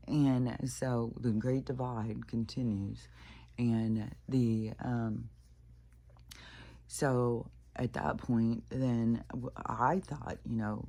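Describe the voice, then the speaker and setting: Spiritual vlogger ranting off the cuff, swears a lot, raspy gravelly voice, lots of ums and restarts. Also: medium pitch, dark tone. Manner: profane, ranting, full of fillers and restarts; laughs between sentences. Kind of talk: casual rambling monologue.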